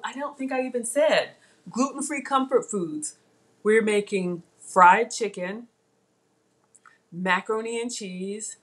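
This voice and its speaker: A woman's voice: mid-range voice, fairly bright tone. A woman hosting a casual live cooking stream, chatty and emotional, thanking viewers by name as she works. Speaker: cooking livestream host.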